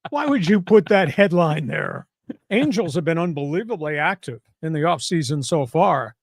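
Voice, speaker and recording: A man's voice: on the high side, expressive, normal speed, no room sound, clean studio sound. A man hosting a sports talk podcast in a casual, brash and sarcastic way, with punchy delivery.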